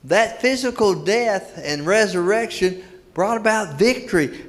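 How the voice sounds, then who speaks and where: With a high-pitched, expressive and fairly bright voice at a measured pace, an older man preaches in a church sanctuary. He tells folksy stories, repeats key words for emphasis, and the hall's long reverb is audible.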